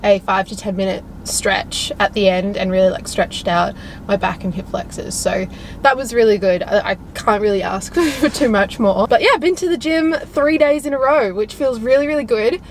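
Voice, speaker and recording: A woman's voice: mid-range voice, moderate pace, slight background noise, low-quality recording. A young woman talking to camera in a casual vlog, chatty and giggly, with lots of filler words. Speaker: vlogger.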